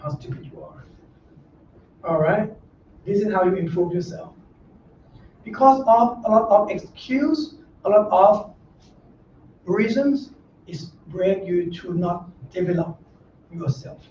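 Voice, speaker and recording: A dull, distant mic with faint noise and a roomy sound picks up a high-voiced, slightly mellow male monk speaking slowly with long pauses. He gives an informal dharma talk to a Dhamma class in a meditation center hall, joking bluntly in broken English and laughing as he goes.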